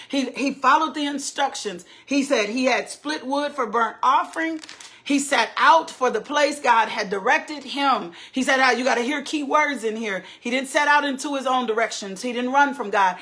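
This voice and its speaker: A woman preaching to her congregation in a high, bright voice. She stacks repeated phrases into a rising cadence and bursts into emphatic exclamations, then drops low for the scripture readings. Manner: repetitive, building cadence with exclamations. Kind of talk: sermon. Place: church service.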